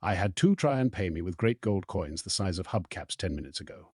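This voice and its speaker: A man voicing a blunt, suspicious campsite keeper, husky and deep-toned, short wary questions, a storybook figure read dry and close. The reader lifts his voice a little for him. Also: animated, brisk, a little mellow, no room sound. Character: suspicious middle-aged male campsite keeper.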